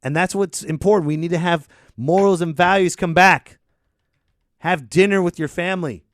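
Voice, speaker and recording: A man hosting a podcast, ranting sarcastically and swinging between loud and muttered. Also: high voice, steady tone, normal speed, no echo. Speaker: podcast host. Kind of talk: casual ranting chat.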